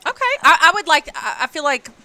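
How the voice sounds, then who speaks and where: Bright, animated woman podcast host. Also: high voice, fast. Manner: animated storyteller, playful jokes. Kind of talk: casual chat. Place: on location at a sewing store.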